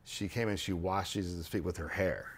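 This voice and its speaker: A man hosting a podcast, explaining ideas in a casual, animated way with frequent restarts and repeated words. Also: sits low, moderate pace, husky. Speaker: podcast host.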